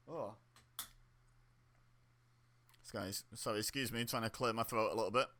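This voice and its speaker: Bright-voiced man chatting through a watch-along. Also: lowish voice. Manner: chatty, reacts aloud with laughs and exclamations. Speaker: wrestling watch-along host. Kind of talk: casual watch-along commentary.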